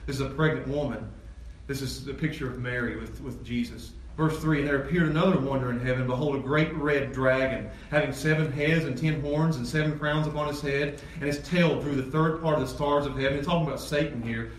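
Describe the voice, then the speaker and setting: A man preaching a sermon as pastor, animated, swinging from loud excited peaks to low emphatic lines. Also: a little fast, few pauses, a little hiss or hum. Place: church sanctuary. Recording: echoey church hall from far off, faint ambience.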